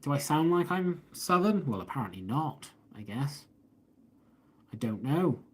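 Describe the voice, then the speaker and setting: A man's voice: on the high side, very animated, measured pace, breathy edge. An English man hosts a casual live stream, talking into a phone he holds up. He rambles from one viewer comment to the next, reading each one aloud before answering it. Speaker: host of a live stream about watches. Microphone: phone held up.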